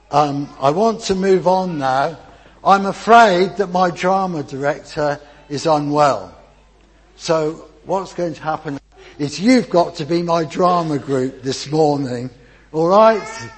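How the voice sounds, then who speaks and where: An older grandfather leads a church children's talk in a chatty, encouraging way, often restarting his sentences. His voice is slightly husky and sits a little high for a man. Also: rough recording. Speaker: preacher leading a children's talk. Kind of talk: informal church talk with audience participation.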